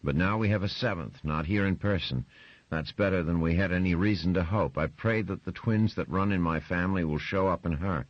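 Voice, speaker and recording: A man voicing a stern older patriarch who lays down the law in a firm, measured way, in a dry, slightly muffled recording. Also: deep voice, no room sound, pitched above the performer's own voice.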